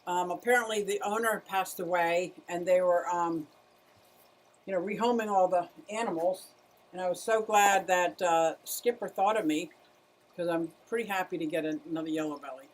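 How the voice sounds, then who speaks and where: A woman's voice: lowish voice, moderate pace. Middle-aged woman, casual livestream host, chatty with her viewers and her turtles. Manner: chatty, greets viewers, talks to her animals. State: out of breath at times.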